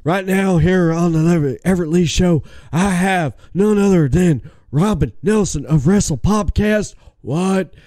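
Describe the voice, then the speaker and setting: A man doing a gruff tough-guy wrestler. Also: high voice, a little slow, hardly any pauses, dark tone, no room sound, clean studio sound. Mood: brash. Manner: brash, tough-guy taunting. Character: impression of a gruff male wrestling star.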